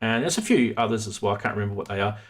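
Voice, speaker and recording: A man's voice: lowish voice, animated, very fast. A man hosting a live stream about synth modules, chatting casually and rambling with many restarts. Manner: rambling, self-interrupting, chatty.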